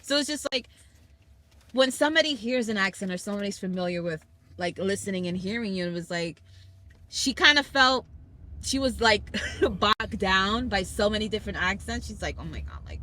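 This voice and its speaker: Bright-voiced New York woman storyteller. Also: mid-range voice, normal speed. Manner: animated storyteller, laughs often, quotes people in slang. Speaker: podcast host. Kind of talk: casual family chat.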